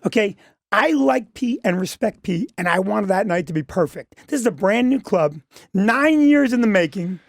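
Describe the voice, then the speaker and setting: Emphatic gravelly-voiced man defending himself. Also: high voice, lively intonation, moderate pace, no room sound, clean studio sound. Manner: emphatic, defensive, repeats "listen" and "okay". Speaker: comedy club owner and guest. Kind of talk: talk radio interview.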